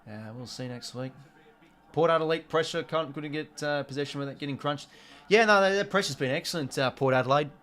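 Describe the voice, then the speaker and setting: A young Australian man hosting a live watch-along, calling the match casually with excitable bursts and the odd mild swear word. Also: a little high, brisk.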